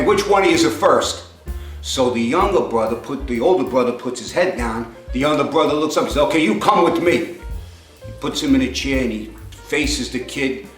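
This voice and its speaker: Telling jokes in a loose, rambling, conversational way, a man with a mid-range voice raises it whenever he acts out the characters. The sound is reverberant.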